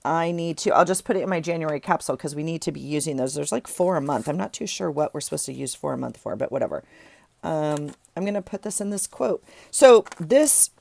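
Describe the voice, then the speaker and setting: A woman vlogger speaks fairly quickly in a low-pitched, gravelly yet mellow voice with plenty of expression. While sorting journaling supplies at her desk, she chats and rambles, correcting herself now and then.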